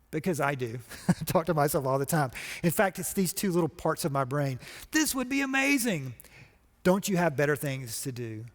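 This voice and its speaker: A middle-aged man from Georgia giving a motivational conference talk, telling a story and acting out quotes with lively energy. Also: fairly high pitch, long reverb tail. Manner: storytelling, animated, acts out quotes. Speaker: conference speaker.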